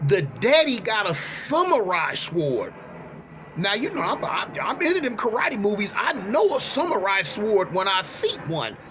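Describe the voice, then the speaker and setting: A man's voice: extremely high pitch, a little hiss or hum. A man telling a wild street story casually, full of slang, dramatic asides and acted-out dialogue. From United States. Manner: animated, slangy, dramatic retelling.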